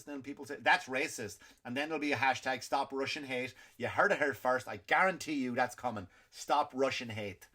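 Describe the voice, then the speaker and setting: An Irish man hosting a comedy podcast, ranting in a loose stand-up style, often restarting and repeating words, swinging between loud outbursts and low muttering. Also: brisk. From Ireland.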